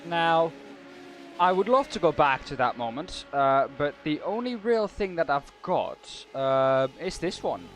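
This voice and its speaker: A man's voice: a little high, animated, measured pace, soft background music. A man co-commentating a sim race, teasing his partner in a dry way. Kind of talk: live race commentary banter.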